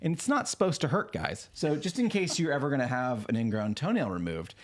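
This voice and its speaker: Podcast co-host, lively storyteller, voice rises and falls a lot, mid pitch. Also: fairly quick. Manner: animated storyteller, acts out quoted voices. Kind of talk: casual chat.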